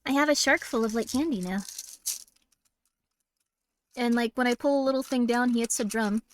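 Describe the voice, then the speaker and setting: A woman's voice: fairly high pitch, normal speed, slight background noise. A young woman streaming horror games, chatting casually in a bubbly, giggly, rambling way. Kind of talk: casual live-stream chat.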